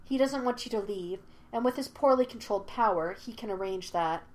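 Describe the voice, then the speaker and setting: Stern old male spirit, cool and lecturing, read by a woman. Measured, disapproving delivery for a storybook audiobook. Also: medium pitch, lightly acted.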